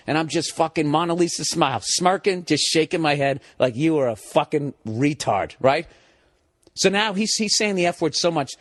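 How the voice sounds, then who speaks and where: A man's voice: a little high, animated, normal speed, no echo. Man, podcast storyteller, profane, sarcastic, acts out voices, dry close mic. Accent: Boston. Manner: profane, sarcastic, acts out both sides of a quarrel. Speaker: podcast host telling a story. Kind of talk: casual storytelling monologue.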